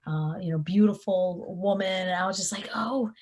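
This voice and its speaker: Young woman guitarist telling road stories, kinda low voice, acts out every quote. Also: a little fast. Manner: animated storyteller, acts out quotes. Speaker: touring guitarist, interview guest. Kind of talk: casual interview chat.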